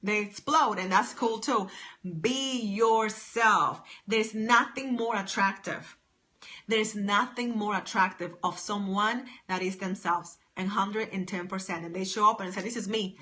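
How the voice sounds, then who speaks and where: Exuberant, emphatic woman coach, bright voice. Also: medium pitch, a little slow. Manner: emphatic, exuberant, repetitive exhortations. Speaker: business coach. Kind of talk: live-stream motivational talk. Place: home office.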